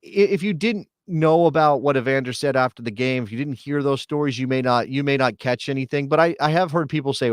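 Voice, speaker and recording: A man's voice: mid-range voice, brisk, hardly any pauses, no echo, studio quality. A man hosting a live sports talk show, chatty and joking, with many fillers and restarts. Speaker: podcast host.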